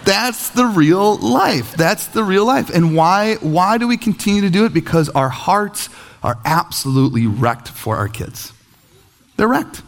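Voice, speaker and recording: Male pastor in his thirties, slightly high voice, swooping delivery, jokey sermon storyteller. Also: unhurried, gravelly. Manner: animated storytelling with self-deprecating humor.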